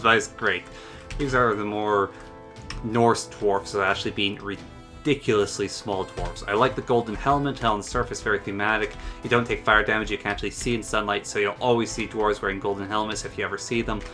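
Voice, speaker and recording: A man's voice: fairly low pitch, fairly even intonation, fairly quick, bright, forceful tone, soft background music. A man hosting a game mod showcase, commenting in a chatty, enthusiastic way. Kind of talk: casual gameplay commentary.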